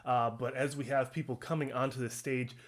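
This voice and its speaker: A young man commentating on contest footage in a casual, excited way, out of breath and full of fillers. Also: mid-range voice, fairly quick. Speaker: bodybuilding commentator.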